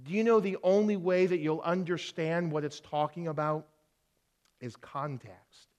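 A man with a somewhat higher voice delivers a sermon as a pastor. He teaches in an earnest way, posing rhetorical questions and slowing down to repeat key phrases for emphasis. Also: a little mellow.

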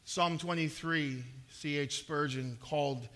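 A male pastor delivers a sermon in a high, ringing voice. He speaks with earnest emphasis, leaning into key phrases and often repeating words as he builds each point. The tone is bright and forward throughout. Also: slow.

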